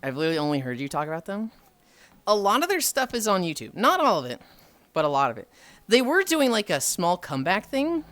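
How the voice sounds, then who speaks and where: A young woman livestreamer chatting casually, animated, swearing freely and acting out quotes. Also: medium pitch, fairly quick. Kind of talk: casual chat.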